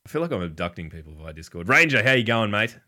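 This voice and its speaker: A man's voice: on the low side, sing-song, quick pace, sharp tone. An Australian man hosting a gaming chat stream, laid-back and swearing freely, laughing often. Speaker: stream host.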